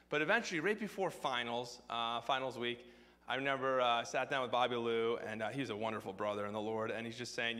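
A man's voice: medium pitch, sharp tone, in a large hall. A man preaching a sermon, telling a personal story in a casual, filler-heavy way. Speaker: pastor.

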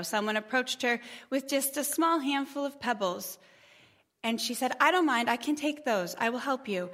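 Bright-voiced woman telling a parable. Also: a little high. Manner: chatty, warm storyteller with gentle humor. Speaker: speaker at a church gathering. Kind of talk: storytelling talk.

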